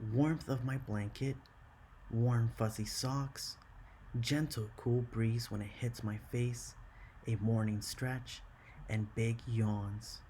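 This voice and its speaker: Male teacher, mid pitch, slow and encouraging, classroom lesson. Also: darkish tone, slight background noise. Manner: slow and encouraging, counts syllables aloud.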